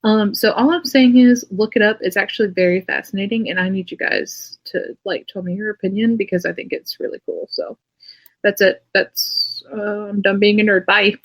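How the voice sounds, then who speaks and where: A young woman co-hosting a podcast in casual chat, animated and swearing freely. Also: medium pitch, rough recording. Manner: animated and profane, quick bursts of excitement. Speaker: podcast co-host.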